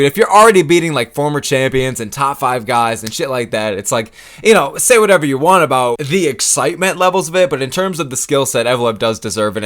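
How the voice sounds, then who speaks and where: Fast-talking, foul-mouthed fight-fan man. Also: a little high. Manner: profane, excitable, rambling. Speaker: MMA commentary YouTuber. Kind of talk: casual fight-talk rant to camera.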